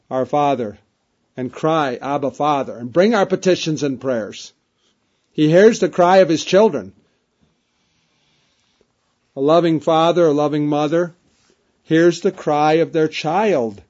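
A man's voice: on the high side, dark tone. A man preaching a sermon, reading King James scripture aloud and repeating key phrases for emphasis. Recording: dull lo-fi recording.

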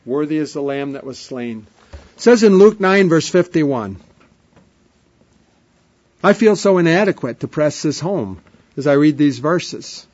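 Man, preacher, emphatic sermon, repeated refrains, rising and hushed, slightly high voice, dull lo-fi recording. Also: lively intonation, a little slow, pauses often.

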